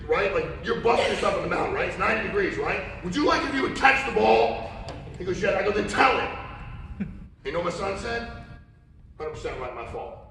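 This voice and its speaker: Animated man telling stories in a hall. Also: high voice, a little hiss or hum. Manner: animated storyteller, acts out quotes. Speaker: conference speaker. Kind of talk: storytelling keynote talk. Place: large conference hall. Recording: echoey hall from far off.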